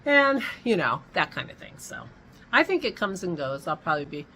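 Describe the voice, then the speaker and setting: On a low-quality recording with a faint hiss or hum, a woman hosts a home vlog in a lowish, sing-song voice that's bright and forceful at a moderate pace. She chats and rambles, stopping mid-thought and hiccuping along the way.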